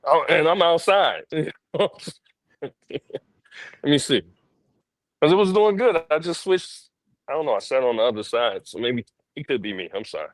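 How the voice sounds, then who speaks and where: A man's voice: a little high, moderate pace, pauses often, dry recording. A man co-hosting a podcast over a remote call from outdoors, talking loosely and casually. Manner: relaxed, loose with fillers. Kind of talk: casual chat.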